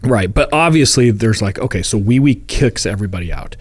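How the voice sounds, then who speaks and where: A man with a low-pitched voice co-hosts a true-crime podcast, recounting a case in a relaxed, joking manner. He slips into quick voices for the people involved. The recording is dry and close. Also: husky, dry recording. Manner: jokey retelling with put-on voices for people in the case. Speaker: podcast co-host. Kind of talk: casual true-crime storytelling.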